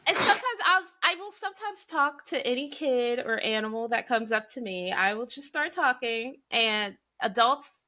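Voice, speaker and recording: A bubbly woman with a Southern accent hosts a relaxed podcast chat, her voice bright and a touch high. She tells stories with lively acted-out quotes. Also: normal speed, few pauses. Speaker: podcast host. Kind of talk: casual chat.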